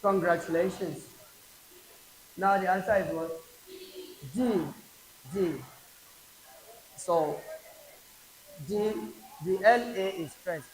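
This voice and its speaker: Slow, drilling Nigerian tutor man. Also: sits high. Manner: slow, repeats each word aloud for drilling. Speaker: English tutor. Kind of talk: exam prep class lecture. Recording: echoey classroom with faint hiss.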